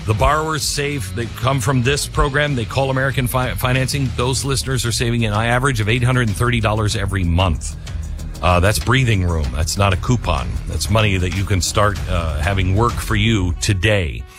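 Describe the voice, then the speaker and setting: A man hosting a talk show, reading a sponsor ad and introducing a guest in a loose, rambling way with many fillers. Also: mid-range voice. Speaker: radio talk show host. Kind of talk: talk show chat and live-read ad.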